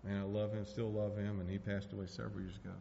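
A preacher delivers his sermon in a folksy, heartfelt way, leaning on "man" and "hey" as he builds to urgent pleas. His voice sits at an ordinary pitch and rings with the long reverb of a church hall. The sound is dull and lo-fi, with a faint rumble underneath. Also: little pitch movement, quick pace, gravelly, warm tone. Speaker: pastor. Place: church sanctuary.

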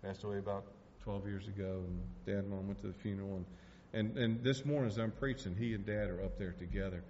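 A pastor in a church sanctuary speaks quickly and steadily, his darkish, normal-pitched voice swimming in the hall's long reverb. His sermon is folksy and earnest, sprinkled with "man" and "hey" as it builds into urgent entreaties, all captured on dull, lo-fi audio with a slight rumble.

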